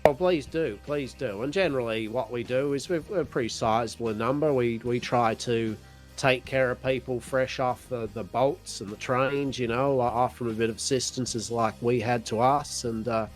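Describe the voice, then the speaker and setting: A man's voice: mid-range voice, fairly even intonation, normal speed, soft background music, lightly acted. A man playing a polite, rambling settler. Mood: earnest. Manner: polite, rambling, formal phrasing. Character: earnest immigrant settler man, helpful. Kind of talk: western role-play.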